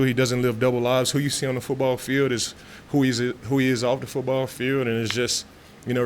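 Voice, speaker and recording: A man, answering press questions after practice. He talks loosely and chattily, piling on fillers and restarting his sentences, in an ordinary mid-range voice. A faint hum sits behind him. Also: mid-range voice. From Texas. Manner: relaxed, talkative, frequent fillers and restarts. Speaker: football player at press conference. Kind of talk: casual press interview. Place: media room after practice.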